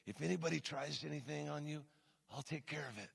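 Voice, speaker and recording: A man voicing a big, intimidating middle-aged man who speaks in low, quiet, clipped phrases. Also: a little fast, creaky, husky, in a large hall, heavily acted. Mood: low menace. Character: hulking intimidating middle-aged man, soft-spoken and terse.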